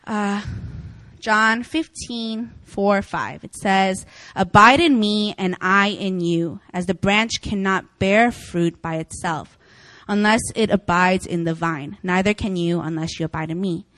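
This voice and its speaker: A young woman preacher giving a casual sermon, chatty and animated, often laughing as she tells stories. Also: medium pitch, unhurried, no room sound. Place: church meeting room.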